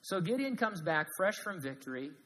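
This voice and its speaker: A man preaching a sermon as pastor, animated, swinging from loud emphasis to hushed asides with jokes. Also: high voice, normal speed, big-room sound, poor audio.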